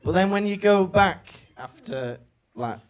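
A man from Wales with a North Welsh accent, co-hosting a live comedy podcast and taking audience questions in an animated, chatty way. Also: high-pitched, unhurried. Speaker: podcast co-host.

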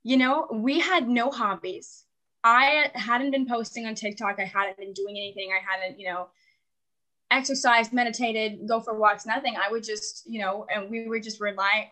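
A woman's voice: a little high, sharp tone, rough recording. A young woman in her twenties telling her story as a caller in casual, rambling talk, full of "like" fillers and frequent laughs. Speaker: caller seeking relationship advice. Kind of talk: casual confessional chat.

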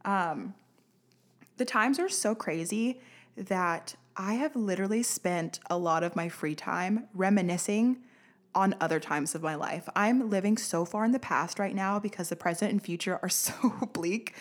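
A woman's voice: mid-range voice, moderate pace. Ranting, sarcastic young woman podcaster. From United States. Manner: sarcastic, ranting, swears freely, laughs often. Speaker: podcast host. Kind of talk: casual solo podcast rant. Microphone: studio podcast mic.

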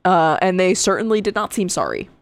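A woman co-hosting a true crime podcast, reading case details in a casual way and breaking into profane, animated asides. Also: fairly low pitch, brisk, vocal fry, no echo. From Connecticut. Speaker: podcast co-host.

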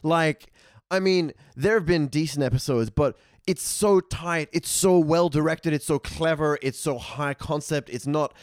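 A man's voice: on the high side, a little slow, no echo, studio quality. A man chatting as a podcast guest, enthusiastic and emphatic. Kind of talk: casual podcast review chat.

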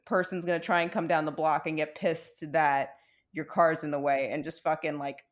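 A woman, co-hosting a relaxed podcast. She chats loosely, laughs often, and swears freely. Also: low-pitched, normal speed. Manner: laughing, profane, chatty. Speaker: podcast co-host. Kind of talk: casual chat.

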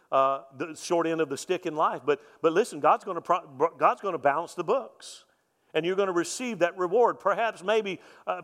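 A male pastor preaching a sermon in a folksy, joking way, swinging from loud emphasis to soft, quiet lines. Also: a little high. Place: church sanctuary. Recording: long reverb of a church hall.

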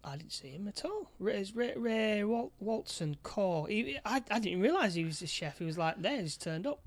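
High-voiced man, dry close sound. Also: lively intonation, no room sound. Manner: halting, with frequent restarts. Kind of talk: casual chat about a film.

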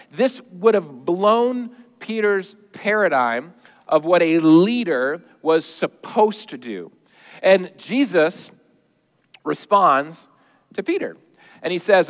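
A male pastor preaching a sermon in a lively, conversational way, with jokes and everyday asides. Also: on the high side, unhurried, in a large hall.

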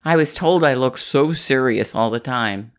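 A rumbling low voice, a little slow, belongs to a middle-aged woman from the Midwest. As an inspirational vlogger, she gives an upbeat motivational talk to camera in a chatty, encouraging way, laughing frequently.

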